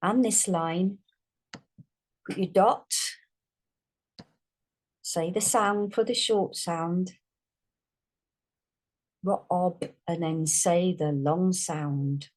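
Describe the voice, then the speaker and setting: Slow patient woman teaching phonics. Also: on the low side, darkish tone. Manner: slow, drawn-out sounding out of words. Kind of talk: phonics lesson.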